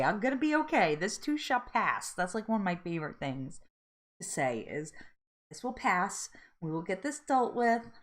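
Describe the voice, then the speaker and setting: A woman's voice: on the high side, a bit bright. A woman hosting a live weight loss support chat, chatting casually, laughing often and reading out viewer comments.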